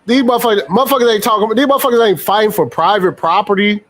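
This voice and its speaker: A young man with a rather high voice riffs on a clip in loose, profane banter. He sounds incredulous and mocking, circling back to the same phrases again and again. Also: racing, fairly bright tone. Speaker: host reacting to a protest clip. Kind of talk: casual profane commentary.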